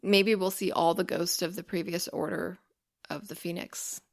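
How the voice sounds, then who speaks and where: A woman's voice: on the low side, fairly even intonation, moderate pace, vocal fry. A woman co-hosting a podcast, chatting in a laid-back, joking way about a TV episode. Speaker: podcast co-host. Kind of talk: casual chat recapping a TV episode.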